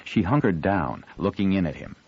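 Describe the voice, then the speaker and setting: A man reading an audiobook in an expressive storytelling manner, shifting his voice for the characters. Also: deep voice, moderate pace, slightly rough, dull audio. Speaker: audiobook narrator. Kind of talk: scripted audiobook narration.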